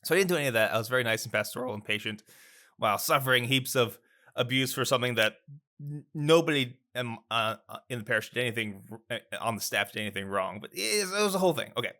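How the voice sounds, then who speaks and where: A man who is a priest, telling a story in casual chat. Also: quick pace. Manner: animated storyteller, lively pitch.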